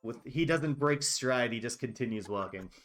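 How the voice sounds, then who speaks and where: A man's voice: mid-range voice, animated, normal speed, a bit bright, soft background music. A man running a tabletop game as game master, describing scenes with many fillers. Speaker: dungeon master.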